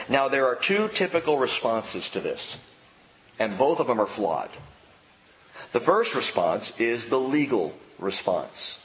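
Animated man preaching in an echoing hall. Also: medium pitch, measured pace, slight background noise. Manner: animated, playful preaching with sudden emphatic outbursts. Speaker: pastor. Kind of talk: sermon. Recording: reverberant hall with faint ambience.

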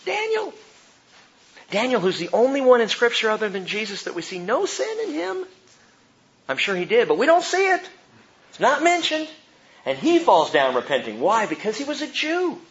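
A man preaching a sermon as pastor, impassioned, jumping from loud outbursts to hushed tones. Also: extremely high pitch, wildly swooping pitch, moderate pace, lo-fi sound.

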